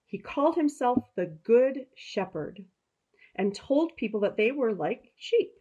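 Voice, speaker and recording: A woman pastor with an Upper Midwest American accent, gently telling a story to children in a gentle, expressive way. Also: fairly high pitch, unhurried, breathy edge, highs cut off.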